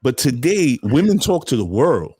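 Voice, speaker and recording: A man's voice: medium pitch, normal speed, husky, dry recording, studio quality. A man hosting a casual podcast chat, talking bluntly and animatedly. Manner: blunt, animated storytelling with profanity. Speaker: podcast host.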